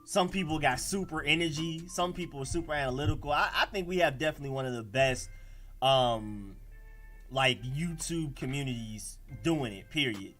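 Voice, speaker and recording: A man with an Atlanta accent hosts a casual sports livestream, answering the chat in an animated, slangy flow. His voice is forceful and sits a little high. Faint music plays behind him. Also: normal speed. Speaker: livestream host.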